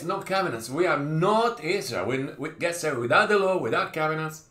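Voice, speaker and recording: A man preaching an informal sermon, swinging between loud and hushed and often repeating and restarting his phrases. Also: a little high, animated, moderate pace, few pauses, echoey room.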